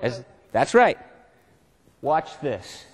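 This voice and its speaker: A man's voice: medium pitch, very animated, drawn-out words, slightly rough. A man giving a motivational seminar as a management consultant, playful and constantly quizzing his audience with questions. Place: lecture hall with audience. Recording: long hall reverb.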